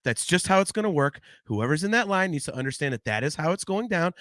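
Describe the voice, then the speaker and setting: A man hosting a casual podcast chat, animated and rambling, swearing freely into a close microphone. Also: on the high side, fast talker, dry recording. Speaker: podcast host.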